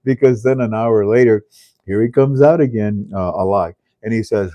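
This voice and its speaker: An older man talks in a loose, rambling way, chuckling as he goes and stumbling through fillers. His voice sits low and mellow. The recording is dry, with no room sound. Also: moderate pace, dry recording. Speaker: host. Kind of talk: casual monologue.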